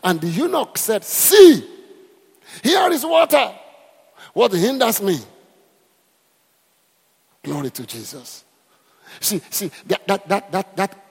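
A man's voice: on the high side, expressive, fast, slightly rough, long reverb tail. A man preaching a sermon, emphatic and repetitive, calling out to the congregation. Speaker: pastor.

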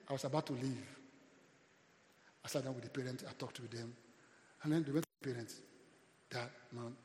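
A man with a Nigerian accent preaching a sermon as a pastor, with call-and-response and loud rising swells. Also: mid-range voice, brisk, long pauses, reverberant, big-room sound, a little hiss or hum.

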